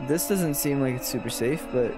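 A man's voice: mid-range voice, normal speed, music in the background. A young man streaming a video game, chatting and mocking himself as he plays. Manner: self-mocking, exclaims often. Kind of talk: gaming commentary. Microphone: desk mic.

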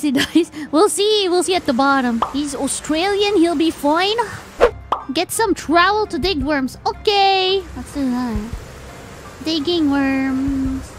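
Woman, very high voice, lively swooping pitch, excitable, casual gameplay chat, game music behind. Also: noisy background. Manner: excitable, gasping and squealing. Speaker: streamer.

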